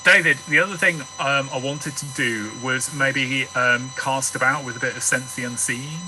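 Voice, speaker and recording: A man's voice: medium pitch, fairly even intonation, moderate pace, bright, forceful tone, soft background music, rough recording. A man playing a tabletop horror game, chatting casually with stops and restarts.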